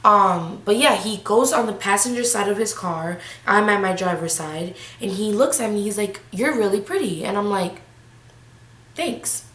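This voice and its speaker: A woman's voice: medium pitch, moderate pace, hardly any pauses, a bit bright, echoey room. Eighteen-year-old woman, slangy storytime vlog. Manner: casual, slangy, breathless retelling. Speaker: vlogger.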